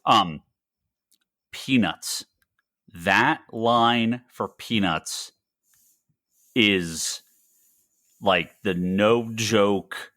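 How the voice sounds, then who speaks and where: A man's voice: lowish voice, fairly bright tone, no echo, studio quality. A man hosting a podcast in casual chat, rambling with many restarts and swearing freely. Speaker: podcast host.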